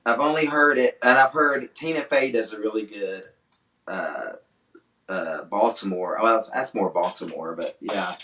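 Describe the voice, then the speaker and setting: A man's voice: lowish voice, a little slow, sharp tone. A man, a singer-songwriter and fiddler, chatting casually between songs in a sarcastic, joking way. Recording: roomy echo.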